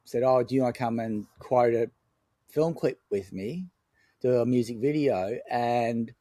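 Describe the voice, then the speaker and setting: A man's voice: mid-range voice, unhurried, warm tone, no room sound. A man, a film director telling rambling anecdotes in an interview. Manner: rambling, anecdotal, many fillers and restarts. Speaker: film director, podcast guest. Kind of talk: casual storytelling interview.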